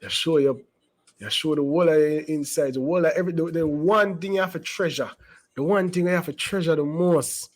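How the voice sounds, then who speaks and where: A man's voice: on the high side, a little fast, rough recording. A man giving casual, rambling commentary as a channel host, emphatic and full of asides and restarts.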